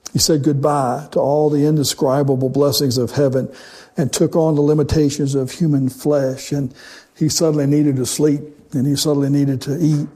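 A man preaching a sermon in a measured, emphatic way, slowing down for dramatic pauses. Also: on the high side, mellow.

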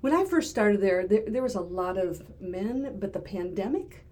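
An older woman talks as a guest in a relaxed interview, her voice sitting at an ordinary middle pitch. She is thoughtful and halting, often repeating a word while she searches for the next one. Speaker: retired therapist, podcast guest. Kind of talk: casual interview conversation.

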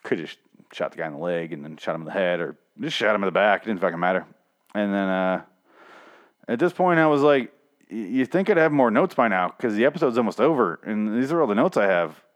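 Young male recapper, lowish voice, rambling sarcastic delivery with lots of swearing. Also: animated. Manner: rambling, sarcastic, swears often, mocks characters in quick put-on voices. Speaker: TV episode recapper. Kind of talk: casual profane episode recap.

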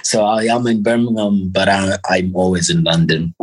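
A man from Zimbabwe, a musician guest, talks on a podcast in a low, somewhat husky voice. He is animated and laughs easily, often doubling back mid-sentence to restart a thought. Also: normal speed, low-quality recording. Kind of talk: casual podcast chat.

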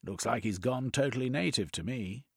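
A man voicing a posh, gallant gentleman adventurer with a plummy, indignant manner. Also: medium pitch, moderate pace, vocal fry, breathy edge, no room sound, clean studio sound, pitched above the performer's own voice.

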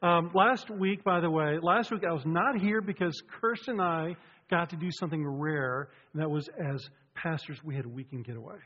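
A man speaking as a pastor, cheerful and joking, telling stories in an animated way. His slightly high voice rings through a big sanctuary with a long reverb. The sound is a bit dull and muffled. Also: moderate pace. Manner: chatty, joking, animated storytelling. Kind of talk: casual sermon opening. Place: church sanctuary.

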